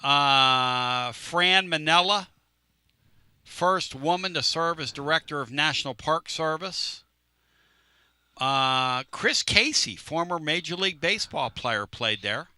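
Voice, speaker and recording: A man's voice: a little high, expressive, slow pace, pushed and bright, smooth, no room sound. A man hosting a sports talk radio show, teasing his co-hosts and rambling through stories in a casual way. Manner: brash, rambling, teasing storyteller. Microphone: studio microphone.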